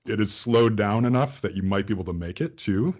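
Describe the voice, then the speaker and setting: A man's voice: lowish voice, a little fast, darkish tone. A man running a tabletop game as game master, describing scenes loosely with many fillers.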